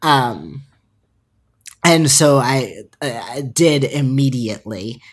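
A woman with a strikingly low, husky voice tells a story on a casual podcast. She is animated and laughs often, slipping into quick voiced-out quotes of other people. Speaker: podcast co-host.

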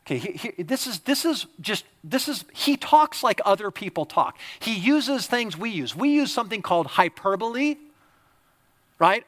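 A man preaching from the pulpit in a high, bright voice. He is emphatic, pressing his points hard and then dropping to a quiet, confiding tone. His sound is forceful and ringing. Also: sing-song, normal speed. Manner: emphatic, swings from loud exhortation to quiet confiding. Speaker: pastor. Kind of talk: sermon.

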